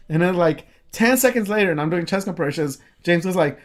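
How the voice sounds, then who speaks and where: A man's voice: high-pitched, normal speed, few pauses. Rambling man telling a story on a podcast. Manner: rambling, animated, swears freely, many fillers and restarts. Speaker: podcast co-host. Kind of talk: casual chat, storytelling.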